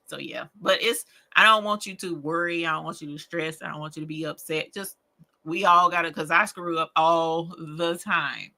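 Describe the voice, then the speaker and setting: Hosting a rhinestone crafting show late at night, this woman rambles to her livestream viewers in a folksy manner, laughing often. Her voice sits on the low side with vocal fry and a sharp tone, and she talks fairly quickly.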